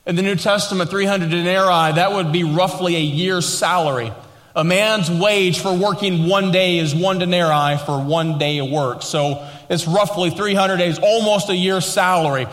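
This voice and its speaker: A man preaching a sermon, emphatic, slowing down and rising to stress his points, and dropping lower and quieter to read scripture aloud. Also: big-room sound. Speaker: pastor.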